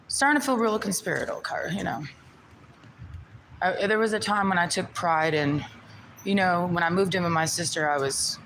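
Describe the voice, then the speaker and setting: Aggrieved woman venting over steady noise. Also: lowish voice, rough recording. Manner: aggrieved, venting, repeats herself, swears. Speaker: vlogger. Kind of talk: personal rant to camera.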